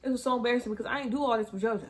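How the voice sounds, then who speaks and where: A woman's voice: on the high side, very fast, a little hiss or hum. Chatty young woman telling a candid story. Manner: animated and candid, often drops into hushed asides and laughs at herself; talks straight to viewers with frequent y'all. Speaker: mother telling her birth story. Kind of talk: casual storytime vlog.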